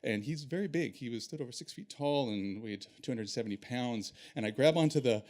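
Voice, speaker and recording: A man telling a personal story on stage in an animated, self-deprecating way. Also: mid-range voice, a little fast.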